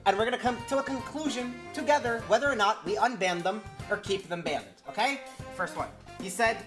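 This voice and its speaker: A man's voice: high voice, brisk, a bit bright, faint music behind. A young man streaming casually, laughing often and swearing as he chats with viewers. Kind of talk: casual livestream chat.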